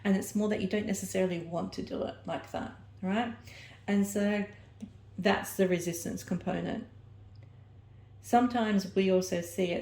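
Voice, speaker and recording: Low, gravelly woman rambling in a roomy space. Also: warm tone. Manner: rambling, searching for words, self-correcting. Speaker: oracle card reader. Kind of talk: personal oracle reading to camera.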